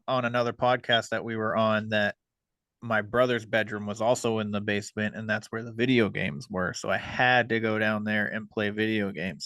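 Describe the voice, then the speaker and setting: A man hosting a podcast, talking casually and hesitantly with many pauses. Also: on the low side, a bit bright, smooth, dry recording. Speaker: podcast host.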